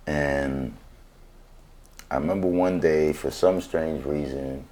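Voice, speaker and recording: A New Yorker with a rumbling low, dark voice shares his story slowly as a guest in a casual interview. He speaks in laid-back street slang and keeps checking in with "right?".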